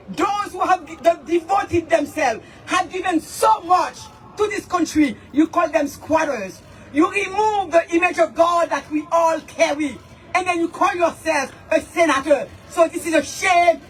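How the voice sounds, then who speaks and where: A woman's voice: extremely high pitch, animated, unhurried. A woman giving an impassioned protest speech, leading chants with her voice breaking. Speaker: rally speaker for immigrant coalition. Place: outdoor rally. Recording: distant mic with crowd noise.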